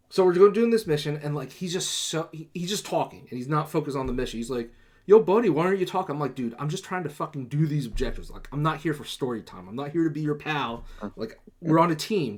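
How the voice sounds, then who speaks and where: A man's voice: fairly high pitch, quick pace. A young man rambles through a gaming story on a casual podcast, dropping fillers and curses as he goes. He jumps into a livelier voice whenever he quotes someone, then settles back into easy chat. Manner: acts out quoted lines in a livelier voice. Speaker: podcast host.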